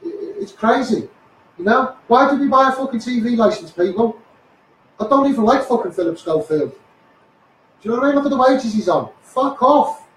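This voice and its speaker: Ranting angrily on a live stream, a Scouse activist from Liverpool, England, speaks in a very high, expressive, slightly bright voice at a moderate pace. He swears, stumbles over repeated words, and keeps returning to "mate" and "you know." He sounds far from the mic in an echoey room, with a little hiss or hum.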